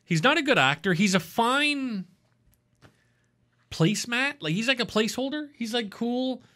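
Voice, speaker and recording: A man's voice: extremely high pitch, expressive, moderate pace, sharp tone. A man co-hosting a podcast, casually reviewing a TV episode in a blunt, profane, rambling way. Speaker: podcast co-host.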